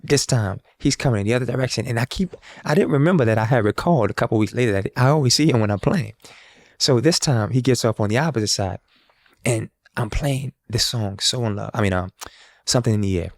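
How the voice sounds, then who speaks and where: A young man from New Orleans, a guest musician, telling a story in a casual, animated way. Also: medium pitch, quick pace, no echo, studio quality. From New Orleans, USA. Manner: animated, acts out quoted voices.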